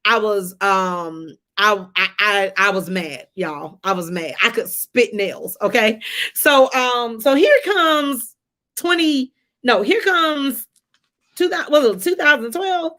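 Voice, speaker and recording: A woman, telling a personal story on a live stream in a conversational, animated way and talking to viewers as y'all. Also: on the high side, slow. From Atlanta area, US. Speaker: livestream host. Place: home, during a rainstorm.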